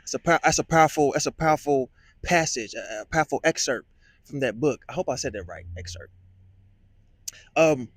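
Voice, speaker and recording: A man vlogging a reflective monologue, musing and halting, often repeating words with many fillers. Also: medium pitch, lively intonation, no room sound.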